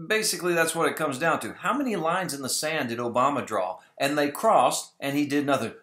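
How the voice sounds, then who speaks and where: Opinionated male vlogger, conversational, slightly high pitch, echoey room. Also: animated, a little fast, hardly any pauses, fairly bright tone. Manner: conversational, opinionated, often mimics others mockingly. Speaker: video blogger on Bible prophecy. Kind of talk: casual commentary vlog. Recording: roomy echo.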